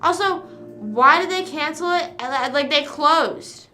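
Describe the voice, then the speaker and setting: A woman's voice: high voice, animated, a little slow, pushed and bright, soft background music. A woman live streaming in casual chat, rambling and venting with casual swearing.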